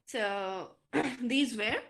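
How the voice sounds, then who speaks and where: A woman with an Indian English accent lecturing students online, explaining slowly with frequent fillers. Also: fairly high pitch, creaky, fairly bright tone.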